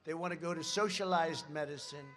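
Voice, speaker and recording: A man giving a campaign rally speech at a podium microphone, rambling with sarcastic asides and shouted emphasis. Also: fairly high pitch, a little fast, a little hiss or hum.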